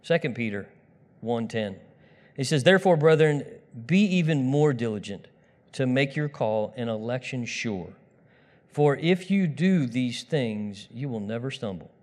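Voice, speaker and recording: A man preaching a sermon in a conversational way, talking straight to his listeners and moving between loud emphasis and quiet asides. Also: medium pitch, expressive, unhurried. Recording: long reverb of a large hall.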